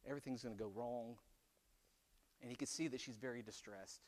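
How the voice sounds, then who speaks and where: A man in his forties preaching a conversational sermon, chatty and animated, often asking "right?". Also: mid-range voice, brisk. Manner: animated and chatty, with rhetorical "right?" and frequent laughs. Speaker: pastor.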